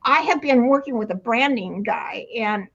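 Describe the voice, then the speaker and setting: An older woman with a high voice explains her coaching in a loose, rambling way, full of restarts and easy laughter. The recording is dull and lo-fi. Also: expressive, moderate pace, creaky, husky. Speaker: retirement coach. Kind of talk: casual interview talk. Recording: dull lo-fi sound.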